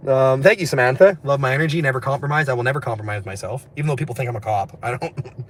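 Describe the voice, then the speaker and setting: Fast-talking Canadian man livestreaming. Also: medium pitch, slight background noise. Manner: very fast, rambling talk with frequent laughs. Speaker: livestreamer reading chat. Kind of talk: late-night livestream chat. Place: indoors at night, after a street walk.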